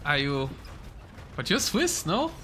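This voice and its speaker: Speaking slowly with huge pitch swings, a young man with a high, fairly bright voice casts a strategy game live over a little hiss or hum. He's an esports caster whose casual calls give way to chats with viewers in between.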